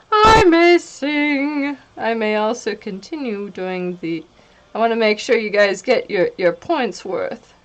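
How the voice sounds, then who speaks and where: A woman's voice: on the high side, lively intonation, slow. A woman streaming live while painting, chatting casually, laughing often and breaking into silly singing.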